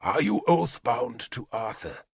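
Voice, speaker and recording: A man voicing a cruel, vengeful one-armed warlord king who shouts and snarls threats in an audiobook. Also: medium pitch, lively intonation, unhurried, vocal fry, slightly rough, dry recording, clean studio sound, exaggerated voice. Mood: furious.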